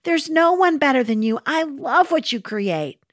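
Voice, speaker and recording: A woman's voice: sits high, animated, unhurried, dry recording, clean studio sound, pitched above the performer's own voice. A woman voicing Jesus as an eager adult son who playfully coaxes his father, in a spoken sermon story. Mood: playful coaxing. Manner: playful, coaxing.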